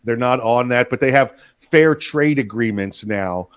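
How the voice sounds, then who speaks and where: A man's voice: medium pitch, a little slow, clear, resonant tone. A man co-hosting a political talk show, chatty and jokey, often trailing into fillers. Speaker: co-host.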